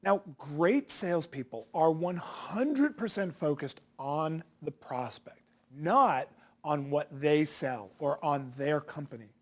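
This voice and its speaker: Male sales coach, punchy, challenging, lively swooping pitch, rhetorical questions. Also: takes it slowly. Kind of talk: direct-to-camera sales lesson.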